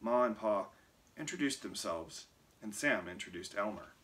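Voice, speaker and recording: A man reading a picture book aloud in an expressive, lively way. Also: fairly low pitch, normal speed. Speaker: reader.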